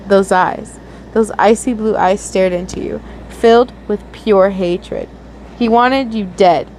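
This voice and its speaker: A woman's voice: on the high side, a little mellow, a little hiss or hum, poor audio. A young woman earnestly reading a romantic fan story aloud, often stumbling and restarting words. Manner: earnest, with frequent slips and restarts. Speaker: fanfiction reader.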